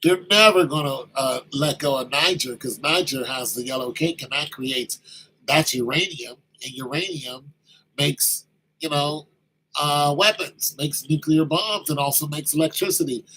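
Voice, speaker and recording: A man's voice: fairly high pitch, unhurried, pushed and bright, slightly rough, poor audio. A man talking casually and with animation, acting out quoted exchanges as he tells the story. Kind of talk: casual talk.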